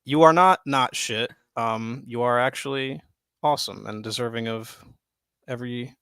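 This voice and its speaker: A young man co-hosting a podcast, chatting loosely and excitedly, swearing freely and filling with "like" and "dude". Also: medium pitch, normal speed, clean tone, no echo. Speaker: podcast co-host. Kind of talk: casual chat. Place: home studio, live stream.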